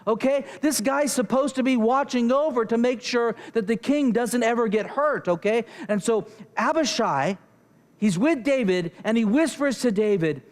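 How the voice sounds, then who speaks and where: A young man delivering a sermon in an animated storytelling manner, his voice sitting notably high for a man. He acts out the conversations in his story. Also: normal speed. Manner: animated, acts out characters and dialogue. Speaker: pastor.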